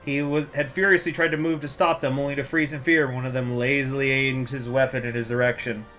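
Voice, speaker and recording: A man in a mid-range voice rambles casually through a strategy game, joking with viewers and reading event text aloud. Soft music plays underneath his talk. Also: mid-range voice, flat delivery, a little fast. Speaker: gaming channel host.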